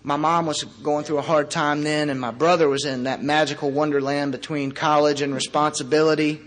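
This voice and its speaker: A man in his thirties tells his personal recovery story to a meeting, his voice sitting a little high for a man. He talks in an earnest, halting way, pausing often between phrases. Now and then he slips in a wry joke at his own expense. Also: little pitch movement, a bit bright. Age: 30s. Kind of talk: personal recovery story shared before a group. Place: meeting room before a live audience.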